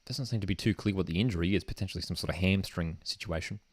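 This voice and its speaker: Brief: man, football watchalong host, low voice, casual and keen. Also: quick pace, no room sound. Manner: casual and enthusiastic, often says "man". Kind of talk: live match watchalong commentary. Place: home streaming desk setup.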